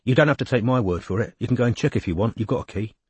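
A man reading an audiobook voices a tense, guarded young man with a flat London accent. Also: mid-range voice, normal speed, breathy edge, no room sound.

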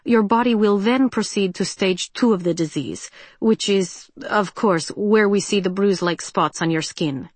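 A woman's voice: mid-range voice, normal speed, few pauses, no room sound, natural voice. A woman doing a smug, clinical male doctor.

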